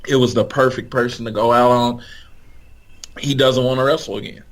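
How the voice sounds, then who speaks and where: A man's voice: medium pitch, steady tone, normal speed. A man co-hosting a podcast, chatting in a laid-back way and giving blunt opinions. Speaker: podcast co-host. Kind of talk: casual chat.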